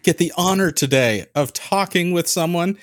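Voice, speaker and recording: A middle-aged man hosts a podcast in a casual, chatty way, rambling and joking as he sets up his questions. His voice sits a bit high for a man. The sound is close and dry, with no room around it. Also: moderate pace, no room sound, soft background music. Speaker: podcast host.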